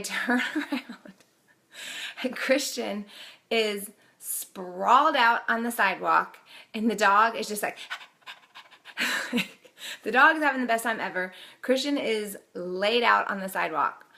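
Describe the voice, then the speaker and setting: Vlogger, woman, 30s: bright and gravelly, casual and giggly storyteller. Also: medium pitch. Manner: laughs often while telling.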